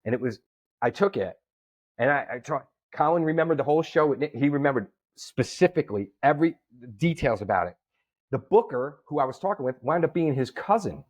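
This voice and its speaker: In a casual interview, a man who works as a comedian and promoter recounts a story, bringing its characters to life by acting out their quoted voices. He has a mid-range voice and talks a little fast.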